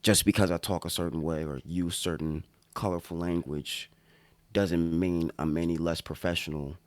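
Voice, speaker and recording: A man's voice: low-pitched, fairly even intonation, normal speed, a little mellow, no echo. A young man co-hosting a podcast, laid-back and slangy, with sighs and swearing. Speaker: podcast co-host. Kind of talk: casual podcast chat.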